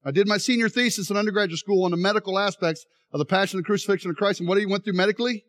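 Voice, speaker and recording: A man's voice: sits high, racing. A middle-aged man preaching a sermon, telling stories animatedly and acting out voices while straining on an injured leg. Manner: animated storytelling, acts out voices. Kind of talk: sermon with live demonstration.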